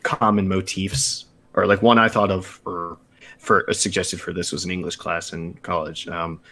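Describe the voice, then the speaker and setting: Very deep-voiced laid-back man. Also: flat delivery, normal speed, pushed and bright. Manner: laid-back, blunt, swears. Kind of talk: casual live-stream chat.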